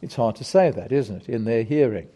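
A middle-aged man preaching a sermon, emphatic and deliberate, putting rhetorical questions to his congregation. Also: mid-range voice, expressive, mellow.

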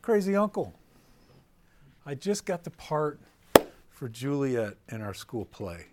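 A man's voice: mid-range voice, sing-song, slow pace, heavy background noise. A man voicing an eleven-year-old girl, a sweet, eager niece, in a story told to a live audience. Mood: excited.

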